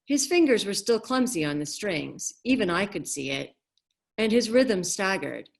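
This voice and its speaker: A woman author reading her novel aloud in a measured, expressive way over a video call. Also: fairly low pitch, vocal fry.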